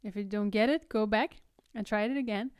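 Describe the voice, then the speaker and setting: A woman teaching singing, explaining technique and breaking into loud, high vocal exercises between her explanations. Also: brisk, smooth, no room sound, studio quality. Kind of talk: vocal tutorial with sung demonstrations.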